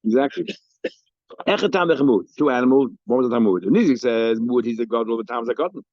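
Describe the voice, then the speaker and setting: A man's voice: medium pitch, animated, fast, dry recording, dull audio. A man teaching a Talmud lesson, explaining cases with frequent restarts and Hebrew and Aramaic terms.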